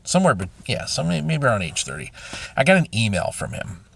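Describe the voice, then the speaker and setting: Halting, emotional middle-aged man. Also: mid-range voice, wildly swooping pitch, vocal fry, a bit bright, slight background noise. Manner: halting, emotional, frequent restarts and sighs. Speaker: podcast host. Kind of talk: personal confessional monologue.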